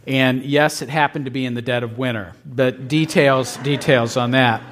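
A man's voice: medium pitch, steady tone, normal speed, a bit bright, slight background noise. A middle-aged man preaching as a pastor, telling a story casually and asking the congregation questions. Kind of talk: conversational sermon.

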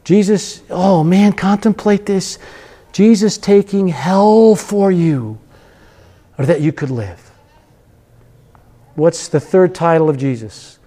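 A man preaching a sermon with passion, stretching key phrases slowly and breaking into a sung refrain. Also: high voice, mellow. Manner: impassioned, sings a hymn refrain; drawn-out emphatic phrases.

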